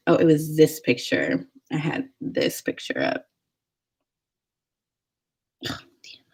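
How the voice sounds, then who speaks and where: A woman's voice: low voice, very animated, takes it slowly, pauses often, darkish tone, husky, low-quality recording. A young woman vlogger telling a dating story in a chatty, rambling way, full of "like". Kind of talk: casual storytelling.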